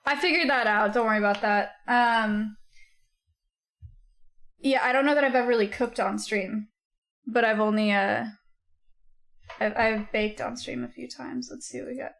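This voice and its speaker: A woman streamer talks casually with her live chat, reacting aloud as comments come in. Her voice sits a little high. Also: steady tone, normal speed, creaky, pauses often, a bit bright.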